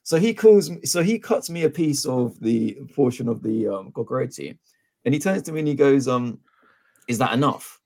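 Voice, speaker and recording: In a relaxed podcast conversation, this male co-host spins a lengthy tale at a normal speed in a mid-range voice. He voices every character in the exchange with lively energy and doesn't hold back on profanity.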